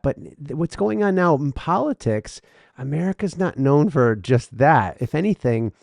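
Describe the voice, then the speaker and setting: A man's voice: mid-range voice, a little mellow, no echo, studio quality. Rambling, stammering male podcast host. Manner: rambling, stammers and repeats, laughs often. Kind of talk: casual podcast banter.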